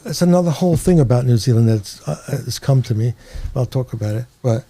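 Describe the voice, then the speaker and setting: An older man from New York with a New York accent, telling rambling, animated stories as an interview guest and laughing along. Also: medium pitch, brisk, a little hiss or hum. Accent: American, New York. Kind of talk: casual storytelling.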